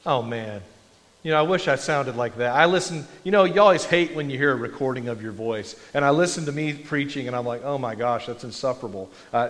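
Preaching in a church sanctuary, this pastor pokes fun at himself in a conversational sermon. His voice sits a little high and sounds somewhat bright, and the long reverb reveals a large hall.

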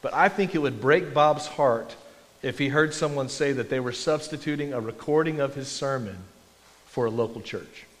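Pastor preaching in an echoing hall. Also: male voice, mid-range voice, normal speed. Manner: conversational and self-deprecating with frequent restarts. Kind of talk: sermon. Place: church sanctuary. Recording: long reverb of a large hall.

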